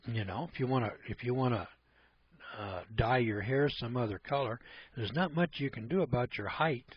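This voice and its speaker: A man's voice: mid-range voice, normal speed, breathy edge, highs cut off. Folksy blunt man hosting a radio talk. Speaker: radio show host. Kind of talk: casual radio commentary.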